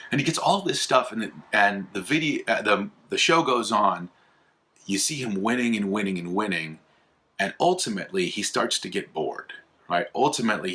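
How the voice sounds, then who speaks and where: Bright-voiced man rambling through a casual talk. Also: fairly low pitch. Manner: rambling, many fillers and restarts, animated retelling. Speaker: host of an apologetics video channel. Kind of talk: casual explainer monologue.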